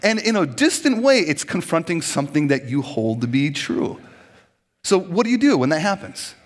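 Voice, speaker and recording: A man's voice: on the high side, very animated, normal speed. A man in his forties from Minnesota, preaching a humorous sermon, joking and acting out little scenes as he goes.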